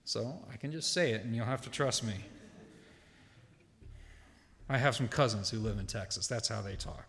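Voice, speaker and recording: A man preaching a sermon from a church pulpit, measured and deliberate, with emphatic quoted lines and casual asides to the congregation. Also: medium pitch, a bit bright. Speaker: pastor. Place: church sanctuary. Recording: long hall reverb.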